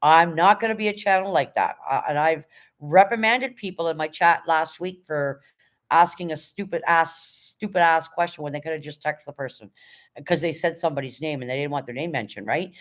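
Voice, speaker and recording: A woman's voice: deep voice, a little fast. A woman hosting a casual livestream, firmly but politely moderating her chat and reading messages aloud. She sounds tired. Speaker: livestream host.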